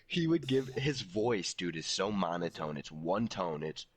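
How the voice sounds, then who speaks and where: Low-voiced young man, profane casual storytelling. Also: very animated, measured pace, crowd noise. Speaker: podcast co-host. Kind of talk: casual chat.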